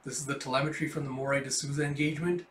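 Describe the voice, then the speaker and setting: A man's voice: medium pitch, steady tone, rapid-fire, fairly bright tone, a little hiss or hum, close to an everyday voice. A man voicing a demanding female scientist boss who speaks curtly, swears and insists. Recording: roomy echo.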